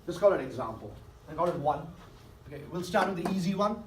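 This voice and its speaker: A man's fairly high, animated voice moves fast through a math lesson. He coaxes students and repeatedly checks their understanding by asking them questions, captured from a distance in an echoing classroom with a faint hiss.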